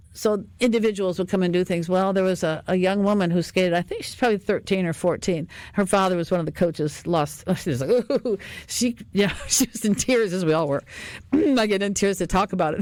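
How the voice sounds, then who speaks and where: A woman's voice: on the low side, a little mellow, no echo. Chatty older woman radio host. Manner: rambling, chatty, laughs often, many fillers. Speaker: radio talk show host. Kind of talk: casual radio chat.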